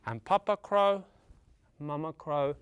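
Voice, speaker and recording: A man telling a folktale to children in a theatrical way, with dramatic pauses and sound effects. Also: fairly high pitch, smooth, no room sound. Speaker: storyteller.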